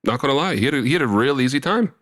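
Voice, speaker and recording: A podcast co-host trades casual chat, comic stories and a live ad read, laughing often and animatedly acting out the voices of the people he quotes. His mid-range voice comes out rapid-fire.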